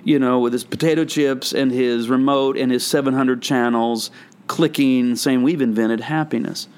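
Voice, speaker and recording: A man's voice: medium pitch, steady tone, moderate pace, clean tone. An older man, a pastor and author, talking in a casual, reflective way and rambling as he tells stories in a podcast conversation. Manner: reflective, rambling storyteller with frequent restarts.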